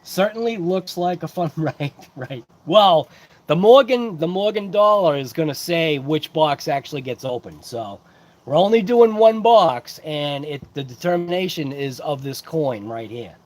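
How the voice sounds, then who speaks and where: Man, casual livestream host, rambling chat, greets viewers by name, slightly raised pitch. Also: expressive, measured pace, a little mellow. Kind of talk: casual live-chat unboxing.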